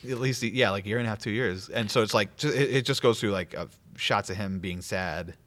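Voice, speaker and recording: A man with a lowish voice talks fast in casual chat. He retells movie scenes in a rush, dropping in quick quoted lines. The talk stays loose and conversational. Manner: rapid, animated retelling with laughs and quoted lines.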